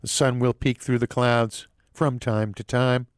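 A man's voice: medium pitch, level tone, unhurried, smooth, no echo. Man hosting local news, dry and wry. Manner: wry, jokey asides. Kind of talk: casual local news and weather read.

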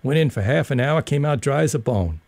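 A man's voice: mid-range voice, lively intonation, brisk, a little mellow, dry recording, voice pushed up. A man reading aloud and voicing a playful young man in uniform who teases children with mock-serious jokes. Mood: teasing. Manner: joking, mock-serious banter.

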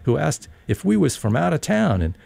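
Brief: male audiobook narrator, very gravelly, husky, wry storyteller. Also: a little high, very animated, moderate pace, dark tone, no echo. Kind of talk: audiobook reading, first-person story.

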